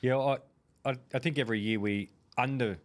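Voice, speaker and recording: An Australian man co-hosting a sports radio show, trading quick, opinionated quips in casual banter. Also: medium pitch, fairly even intonation. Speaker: co-host, former footballer.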